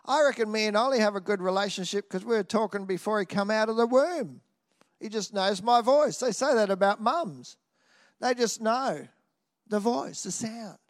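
A man preaching a sermon in an animated way, swinging from loud exclamations to quiet asides and often tossing in a "hey?". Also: high-pitched, moderate pace.

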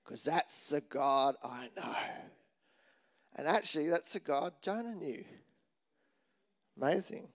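A man's voice: high voice, expressive, measured pace. A man preaching a sermon in a chatty, joking way, asking the congregation questions as he goes. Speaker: pastor.

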